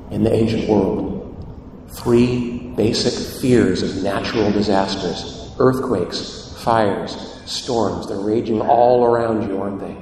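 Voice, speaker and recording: A man delivering a sermon as a priest, expressive, moving between soft, slow passages and emphatic rises. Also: on the low side, noisy background. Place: large church. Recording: echoey church hall, voice from a distance.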